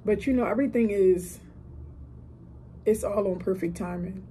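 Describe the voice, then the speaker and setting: A woman's voice: mid-range voice, moderate pace, dark tone, a little hiss or hum, poor audio. A woman of 30 hosting a solo podcast from a hotel room, talking in a heartfelt, emphatic, motivational way. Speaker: podcast host. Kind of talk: casual solo podcast talk.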